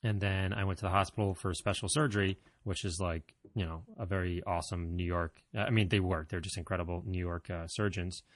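A man with a low, deep voice tells a personal story straight to his audience. He rambles conversationally, correcting himself and throwing in self-deprecating jokes. The sound is dry and close, with no room around it. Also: steady tone, a little fast, few pauses, no room sound. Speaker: vlogger.

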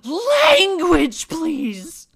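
A man voicing a pushy, entitled middle-aged mother who whines indignantly and loudly. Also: very high-pitched, huge pitch swings, extremely slow, pitched above the performer's own voice, full character voice. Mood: shrill. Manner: indignant, whiny and loud.

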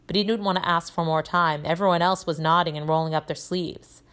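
A woman teacher reading a children's novel aloud, telling it in a lively way with voices for the characters. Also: on the low side, brisk.

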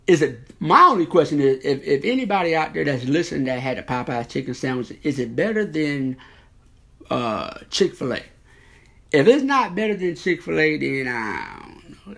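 A man's voice: fairly high pitch, vocal fry, fairly bright tone. A man hosting a podcast, delivering a profane, rambling comedic rant. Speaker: podcast host.

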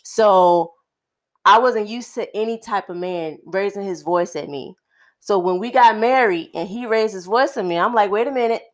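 A woman co-hosting a casual conversational podcast, speaking in a thoughtful, measured way with frequent pauses. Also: mid-range voice. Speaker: podcast co-host.

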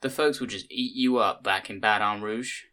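A man's voice: fairly low pitch, fairly even intonation, moderate pace, sharp tone. A man voicing a talkative grey-haired woman tourist from the American South, folksy and gushing, with a Southern US accent.

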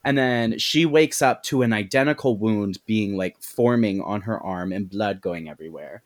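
A woman's voice: a bass voice, normal speed. A young woman casually retelling a movie plot as a podcast guest, chatty and giggly, acting out the characters' lines. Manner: chatty, giggly, acts out quotes in voices.

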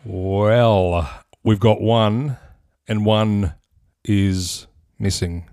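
A man's voice: on the low side, steady tone, very slow, dark tone, no echo, studio quality. A man with an Australian accent hosting a casual sports podcast, wry and laughing as he steers the chat. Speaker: podcast host.

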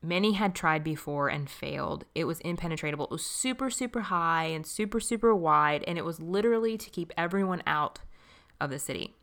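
Young woman doing a chatty faith podcast, kinda low voice, laughs a lot, says friend. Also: fairly quick, a bit bright. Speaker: podcast host. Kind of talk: casual devotional podcast talk.

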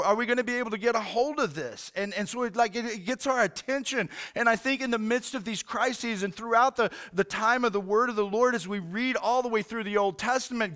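Male pastor, 40s, high smooth voice, earnest, halting sermon delivery. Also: bright, forceful tone. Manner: earnest, halting, repeats words, says "man" often.

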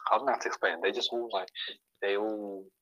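A man's voice: fairly low pitch, steady tone, brisk, a bit bright, dry recording, highs cut off. A young man, a podcast guest chatting casually and rambling with lots of fillers. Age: young adult. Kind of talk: casual chat.

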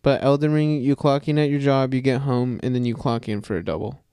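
A young man co-hosting a podcast, excitable and quick to laugh, often saying "dude". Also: mid-range voice, clean tone, no room sound, studio quality. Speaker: podcast co-host. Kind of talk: casual chat.

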